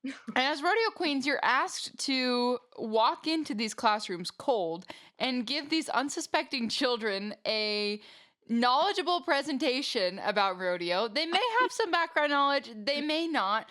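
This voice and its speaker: A woman hosting a podcast interview, speaking in measured, articulate sentences while setting up her next question. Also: sits high, lively intonation, fairly bright tone. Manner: measured, articulate, frequent backchannel laughs. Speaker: podcast host, former rodeo queen.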